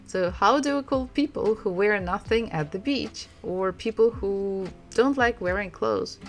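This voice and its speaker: A woman with a Russian accent teaches a language lesson at a very unhurried pace, repeating each word several times. Her voice sits at an ordinary middle pitch, and she laughs lightly now and then. Soft music plays faintly behind her. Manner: slow, repeats words, laughs often. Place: home room.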